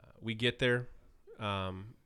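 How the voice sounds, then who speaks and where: A man's voice: on the low side, fairly even intonation, slow pace, fairly bright tone, smooth. Self-deprecating man telling anecdotes. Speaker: interview guest. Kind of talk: casual interview.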